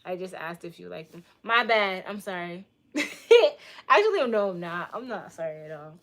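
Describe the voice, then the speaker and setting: A woman's voice: lowish voice, lively intonation, moderate pace, a bit bright. A young woman from Boston, a livestreamer chatting casually with her chat, playful, teasing and crude in her jokes. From Boston, United States.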